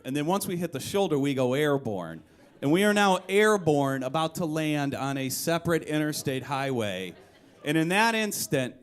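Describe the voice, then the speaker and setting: A young man performing a live one-man comedy story on a club stage, animated, breaking into shouts and high-pitched voices for quoted people, with the audience laughing. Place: live music venue stage.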